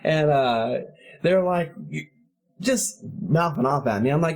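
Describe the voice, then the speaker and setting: A man in his thirties hosting a casual podcast chat, telling a profane story in an animated way and laughing often. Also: medium pitch, a little slow. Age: 30s. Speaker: podcast host.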